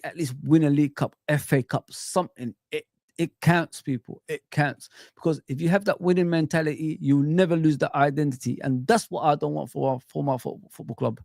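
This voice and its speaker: In a casual live-stream rant about football, a middle-aged host speaks straight to his audience and chat, passionate and full of rhetorical questions. His fairly high voice is gravelly with a little mellowness. Clean studio sound, no room tone.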